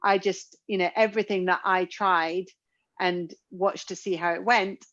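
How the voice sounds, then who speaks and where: A woman's voice: on the low side, fairly even intonation, unhurried, a bit bright, no echo. Candid woman co-hosting a parenting chat. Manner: candid, joking, thinks aloud. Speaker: podcast co-host. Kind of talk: casual chat. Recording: dry, dull lo-fi sound.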